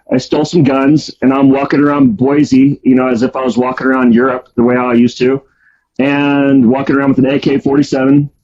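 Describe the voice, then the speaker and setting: Telling his life story in a loose, rambling way full of ums and false starts, this storyteller guest speaks at a medium pitch with a darkish tone. The audio is dull and lo-fi.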